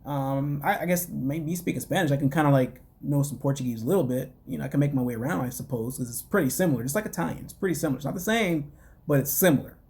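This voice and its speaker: A man's voice: on the high side, fast talker, creaky, a little mellow. A man casually recapping a reality show as a podcast host, rambling with lots of fillers and wry, dismissive asides. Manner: rambling, loose, full of "you know" and "like".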